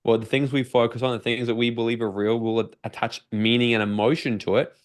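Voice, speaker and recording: Energetic Australian coach, swearing freely. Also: male voice, mid-range voice, fast talker. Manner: energetic, swears freely, acts out his own inner voice. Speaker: personal development coach. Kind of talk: podcast interview guest.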